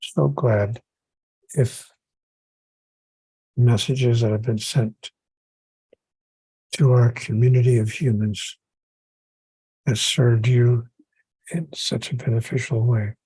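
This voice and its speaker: A man's voice: medium pitch, fairly even intonation, slow pace, pauses often, dark tone, husky, dry recording, rough recording. A man who is an author and podcast guest, speaking earnestly about spirituality and building his points through repetition.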